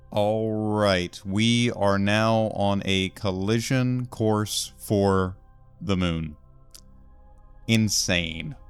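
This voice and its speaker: A man giving casual let's-play commentary, excitable and talking himself through each move of a game. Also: fairly low pitch. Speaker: gaming video host.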